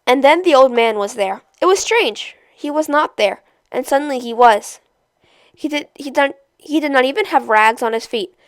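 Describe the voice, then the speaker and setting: Woman reader, steady storytelling, fairly high pitch, smooth clear tone, dry close sound. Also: moderate pace, no echo. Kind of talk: reading a novel aloud.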